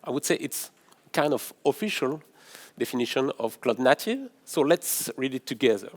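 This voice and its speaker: A middle-aged man from France with a French accent, giving a tech conference talk in a halting way and often restarting phrases. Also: mid-range voice, lively intonation, creaky. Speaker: conference speaker, developer advocate. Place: in-person conference session room.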